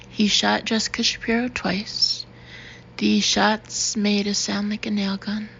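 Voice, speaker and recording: A woman narrates an audiobook in a steady, level reading with a gravelly texture. Her pitch stays flat throughout. The recording sounds dull, with faint background noise. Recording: dull, slightly noisy recording.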